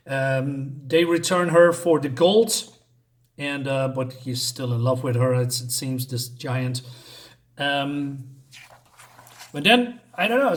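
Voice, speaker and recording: A man casually retelling a comic book story in a hesitant way, with many fillers and restarts. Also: fairly high pitch.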